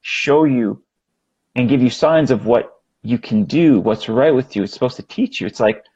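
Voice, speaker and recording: A man's voice: mid-range voice, moderate pace, slightly rough, highs cut off. A man hosting a podcast, talking casually and acting out little quoted thoughts. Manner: animated, acts out quoted thoughts. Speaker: podcast host.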